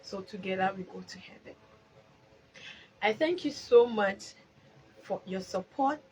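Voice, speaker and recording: A woman's voice: mid-range voice, expressive, measured pace, slightly rough, low-quality recording. Ghanaian woman giving an emotional testimony. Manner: emotional, swings from loud exclaiming to soft prayerful tones; mixes English with Twi phrases. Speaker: live stream host. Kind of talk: testimony and chat on a live stream.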